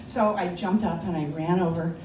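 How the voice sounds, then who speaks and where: A woman's voice: low voice, moderate pace, a little mellow. A woman telling a personal story at a live story slam, conversational and often laughing. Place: bar lounge stage. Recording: echoey lounge, distant mic, background noise.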